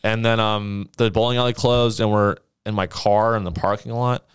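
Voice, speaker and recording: Animated young man telling stories. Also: fairly low pitch, moderate pace, smooth. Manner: animated, swearing, acts out quotes. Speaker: podcast co-host. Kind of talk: casual storytelling.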